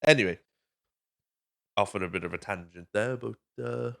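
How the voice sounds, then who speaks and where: A man's voice: lowish voice, normal speed, vocal fry, a bit bright. Rambling Welsh man recapping a movie. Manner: rambling, swears freely, goes off on tangents. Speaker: podcast host. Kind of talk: casual movie recap chat.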